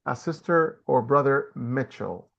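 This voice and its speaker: A man's voice: medium pitch, expressive, measured pace, vocal fry, dull audio. A man hosting a live online Q&A about a trip, talking with many fillers and restarts. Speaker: host and trip organizer.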